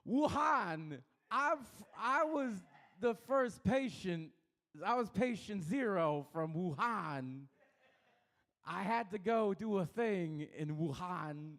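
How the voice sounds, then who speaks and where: A halting, drawn-out celebrity impression, as a stand-up comic puts it on. The voice sits much higher than his own and stretches every phrase slowly, with strange pauses. It swings widely up and down in pitch. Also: animated, vocal fry, fairly bright tone, heavily acted. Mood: mock-dramatic.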